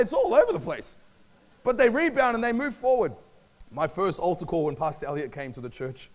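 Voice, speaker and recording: High-voiced energetic Australian preacher man. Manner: energetic, storytelling, conversational. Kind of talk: sermon.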